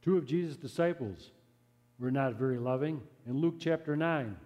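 A male preacher speaks in a mellow, relaxed voice at a middle pitch. His storytelling is earnest and measured, and it sinks to a hush at solemn moments. A long reverb from the church hall trails each phrase. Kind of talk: sermon storytelling.

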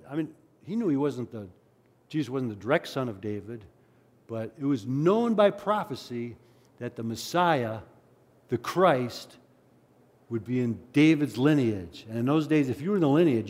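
In a hall with long reverb, a man preaches a sermon, reading scripture aloud and animatedly acting out the cries of the crowd and the beggar. He adds conversational asides as he goes, his medium-pitched voice running a little slow.

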